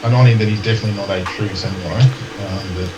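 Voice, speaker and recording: A man playing a tabletop game, asking quick, hesitant questions about the rules. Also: on the low side, steady tone, dull audio, heavy background noise. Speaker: player. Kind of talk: casual tabletop game chat.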